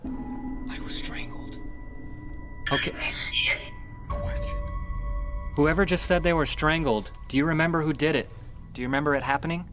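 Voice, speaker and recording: A man's voice: a little high, brisk, long pauses, fairly bright tone, faint music behind. A man on a paranormal investigation, earnestly putting direct questions to spirits. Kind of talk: questioning spirits during a ghost hunt.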